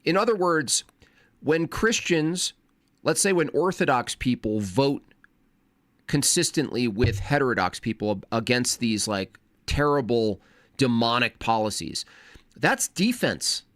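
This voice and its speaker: A man on a casual livestream, talking fast and wordily with frequent restarts. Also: medium pitch, lively intonation, fairly bright tone, dry recording. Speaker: streamer.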